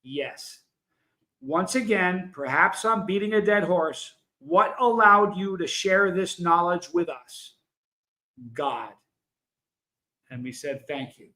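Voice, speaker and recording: This livestream host is a man whose voice sits high and sounds bright, forceful, and expressive. He speaks slowly with long pauses, telling a story in a casual, emphatic way and talking directly to people in the chat over a rough recording.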